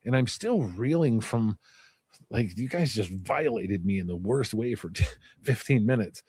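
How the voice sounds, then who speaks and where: A man calmly and candidly recounting a violent jail memory in casual storytelling. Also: on the low side, a little slow, slightly rough, no echo. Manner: candid, matter-of-fact recounting.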